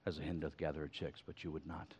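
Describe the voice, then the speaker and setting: A man intoning scripture as a stern, sorrowful divine speaker, in a slow, weighty cadence. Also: extremely low pitch, level tone, a little mellow, slight background noise, voice pushed down. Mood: solemn. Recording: slightly muffled sermon recording.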